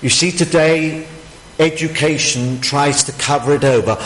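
A man preaches an emphatic sermon full of rhetorical questions, his mid-range voice animated and moderately paced. The recording has an echoey hall sound, faint ambience, and a little hiss or hum.

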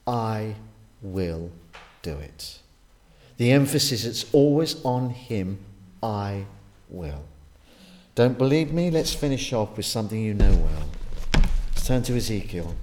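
Male preacher, sermon delivery, unhurried with a widely moving pitch, emphatic stress that drops to quiet endings. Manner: emphatic, swings between loud urgent stress and low quiet endings. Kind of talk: sermon with scripture reading.

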